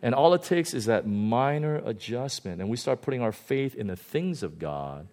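A male pastor giving a conversational sermon, animated and often chuckling. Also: mid-range voice, normal speed.

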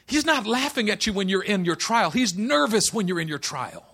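A man preaching with a high, bright voice, swinging between quiet, intimate passages and ringing declarations. He quotes scripture with fervor and breaks it up with folksy, joking asides. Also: big pitch swings, normal speed, breathy edge. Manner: impassioned, swings from hushed to loud, quotes scripture; folksy humor, colloquial asides. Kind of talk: sermon.

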